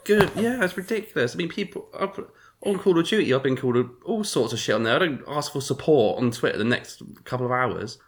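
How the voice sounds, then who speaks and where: A man's voice: mid-range voice, lively intonation, brisk. Sweary, ranting male podcast co-host, roomy echo on his mic. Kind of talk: casual chat.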